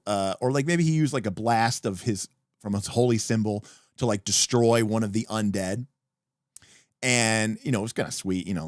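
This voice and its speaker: A man hosting a livestream, explaining tabletop game rules in an animated, emphatic casual way with some profanity. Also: medium pitch, no room sound, studio quality. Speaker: podcast host. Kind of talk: livestream talk about tabletop games.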